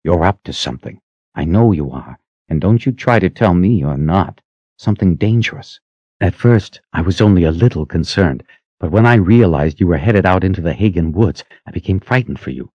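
An earnest, devoted young wizard student speaks in a shaky, low whisper, as a male narrator plays him. His voice is deep and moves with plenty of expression. The sound is dry and slightly muffled. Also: expressive, moderate pace, a little mellow, no echo.

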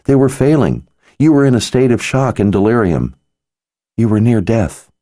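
A man's voice: medium pitch, sing-song, normal speed, warm tone, no room sound, studio quality, pitched above the performer's own voice, natural voice. A man voicing an earnest, worried young female sorceress healer, speaking in a pleading manner.

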